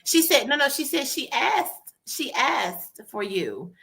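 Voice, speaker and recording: A woman with a Southern US accent co-hosting a casual online chat, animated and quick to laugh. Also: high-pitched, creaky. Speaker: co-host.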